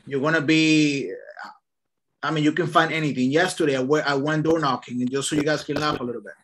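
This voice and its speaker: A man leading a casual online real estate training, telling lively stories in an upbeat way over a video call. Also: a little high, fairly quick, slight background noise.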